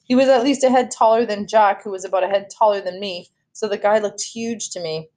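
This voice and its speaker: A woman's voice: mid-range voice, brisk. Woman reading a novel aloud. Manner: steady storytelling with small self-corrections. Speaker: read-aloud host.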